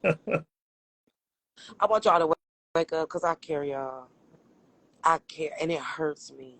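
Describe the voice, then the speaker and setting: A woman's voice: deep voice, expressive, slow, fairly bright tone, no room sound, low-quality recording. A woman co-hosting a casual livestream, talking emphatically with lots of profanity and frequent laughter. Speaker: livestream co-host.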